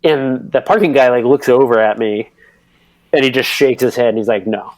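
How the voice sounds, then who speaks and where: A man in his thirties telling a racing story on a podcast, rambling and animated with lots of fillers and acted-out quotes. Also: medium pitch, normal speed, no echo. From United States. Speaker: podcast guest, pro cyclocross racer. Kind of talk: casual storytelling.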